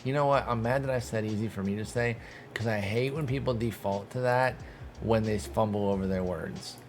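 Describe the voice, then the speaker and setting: A young gaming streamer with a lowish voice gives brisk, casual gameplay commentary, talking to himself and the game. He breaks into exasperated, profane bursts of mock outrage, with slight background noise.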